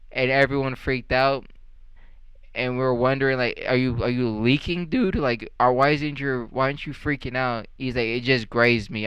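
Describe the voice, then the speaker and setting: Young guy ranting and cussing, sarcastic, smooth clear voice, dry close sound. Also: medium pitch, fairly bright tone, dry recording, rough recording. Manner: profane, sarcastic, rambling with many fillers. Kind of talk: casual rant.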